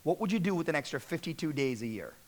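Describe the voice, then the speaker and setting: High-pitched guy pumping up a room of sales managers, talks fast, repeats himself, keeps asking the crowd stuff. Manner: energetic, repeats words, asks audience questions. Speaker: speaker addressing real estate managers. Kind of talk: motivational business talk.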